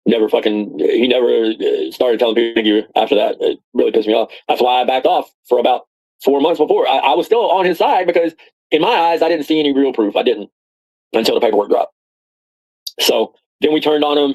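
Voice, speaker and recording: A man's voice: medium pitch, a little fast, darkish tone, rough recording. A man ranting casually in a rambling, profane way, often repeating and restarting his words. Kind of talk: casual rant.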